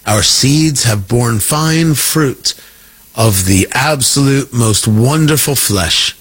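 Man doing a sinister schemer, deep low voice, slow theatrical drawl, gloating. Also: animated, a bit bright, husky, full character voice.

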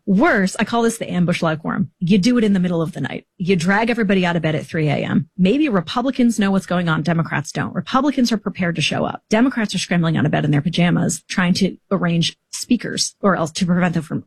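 A woman talks quickly in a gravelly, husky voice, laying out tactics in an interview. Her tone is breezy and matter-of-fact, and the sound is dry and close. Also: lowish voice, darkish tone, dry recording. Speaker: political strategist guest. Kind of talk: interview explanation.

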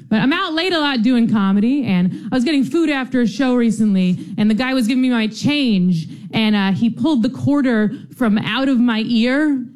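Woman, stand-up comedian, young adult, wry, offbeat, high-pitched. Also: expressive, normal speed, a little mellow. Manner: wry, offbeat one-liners. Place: comedy stage.

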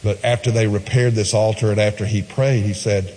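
A man's voice: fairly low pitch, fairly even intonation, brisk, hardly any pauses, dark tone, long reverb tail. Emphatic man preaching a sermon. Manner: emphatic storytelling, retelling a story with asides.

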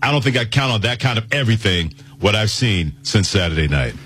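A man's voice: fairly low pitch, big pitch swings, a little fast, fairly bright tone, slight background noise. A man hosting a sports talk radio show, speaking emphatically and teasing his co-hosts.

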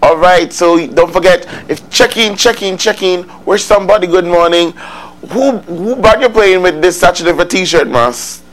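A man's voice: high-pitched, lively intonation, normal speed, fairly bright tone, poor audio. A man hosting a morning radio call-in show, upbeat and chatty with callers. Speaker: radio host.

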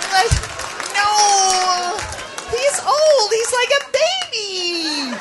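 A man doing a stand-up comedy rant, loud and profane. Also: extremely high pitch, animated, takes it slowly, some chatter behind, a little hiss or hum. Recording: live club, loud audience.

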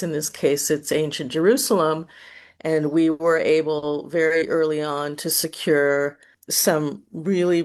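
A woman museum director answering interview questions in a measured, explanatory way, with some fillers. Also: low-pitched.

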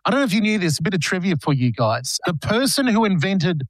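A man's voice: high voice, sing-song, fast talker, dry recording. A man hosting a radio show in casual banter, playfully telling dad jokes. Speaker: radio host.

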